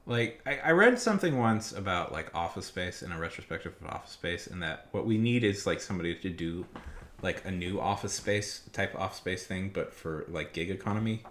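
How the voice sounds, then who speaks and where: Young male streamer, low voice with a lively, bright edge, rambling casual chat full of "like". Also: fairly quick. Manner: rambling, lots of fillers, rants loudly when worked up.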